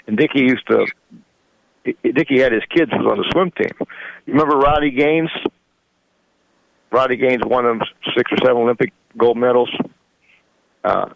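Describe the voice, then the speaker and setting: Older man, gravelly fry, folksy chuckling storyteller, dull lo-fi radio sound. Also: mid-range voice, normal speed, pauses often, no echo. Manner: rambling, chuckling, folksy grammar. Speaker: guest. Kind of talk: casual storytelling.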